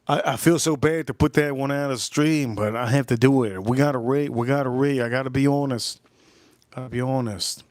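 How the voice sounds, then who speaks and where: A man's voice: medium pitch, a little fast, darkish tone, no room sound. A man hosting a livestream, telling a rambling, crude story in a casual way and repeating himself as he goes. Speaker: livestream host.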